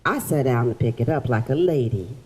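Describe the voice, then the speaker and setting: A woman performing as a historical figure, telling her story in the first person to children at a library in a theatrical, animated way. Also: rumbling low, a little fast, a little hiss or hum, low-quality recording. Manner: animated, theatrical, directs audience volunteers. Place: public library event room.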